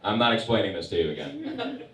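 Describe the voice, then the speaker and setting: A young male stand-up comic talks in a dry, sarcastic, deadpan way, and his pitch swings a lot from line to line. The sound is roomy and echoey, as if the mic sits some distance from him on a club stage. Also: a little fast. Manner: wry, deadpan storytelling with sarcastic asides. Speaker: stand-up comedian. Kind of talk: stand-up comedy set. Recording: echoey room picked up from a distance.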